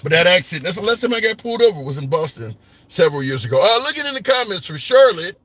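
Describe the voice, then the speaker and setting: A man's voice: high-pitched, very animated, fast, bright, forceful tone, dry recording. A man hosting a live call-in talk stream from a phone, talking through opinions conversationally with restarts. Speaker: talk show host. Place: car.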